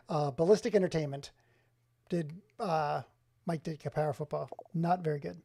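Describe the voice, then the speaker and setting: Mellow-voiced excitable male streamer. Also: on the high side, moderate pace, creaky, pauses often. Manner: excitable, exclaims often, chats with viewers by name. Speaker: streamer showing his game collection. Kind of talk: casual live-stream chat. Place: home office.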